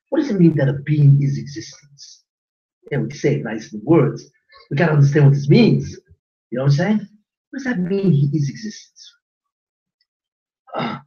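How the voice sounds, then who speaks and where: A man teaching a class as a rabbi, animated and joking, quizzing his audience with questions. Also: on the high side. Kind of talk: lively Torah class lecture. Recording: roomy lo-fi recording from a distance.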